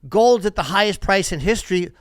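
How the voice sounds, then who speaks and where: A man's voice: high-pitched, fairly quick, clean tone, no room sound, studio quality. A man in his fifties, a podcast host doing crude, sarcastic sponsor reads live and riffing off the script. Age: 50s.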